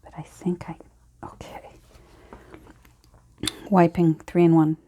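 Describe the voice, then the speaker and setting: Speaking slowly in a fairly low, dark, level voice, this middle-aged Canadian crafting vlogger chats casually while she works. She rambles, chides herself, and fills the gaps with lots of ums and sighs.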